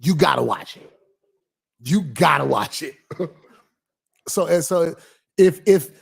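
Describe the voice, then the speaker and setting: A man, a pastor, chatting casually on a livestream, reading viewers' comments aloud and answering them, lively at times and dropping to near whispers. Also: on the high side, slow, vocal fry, husky.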